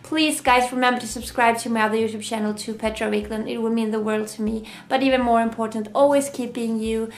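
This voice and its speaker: Gushing woman, high voice. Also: fairly even intonation, brisk, hardly any pauses. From Sweden. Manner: effusive, gushing, emotional. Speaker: YouTube reaction host. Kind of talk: casual reaction vlog. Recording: roomy echo.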